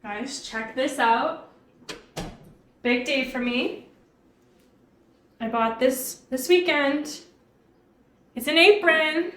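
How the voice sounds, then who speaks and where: A woman's voice: sits high, very slow, long pauses, fairly bright tone. A young woman chatting casually with her live-stream chat while cooking in her home kitchen, giggling often.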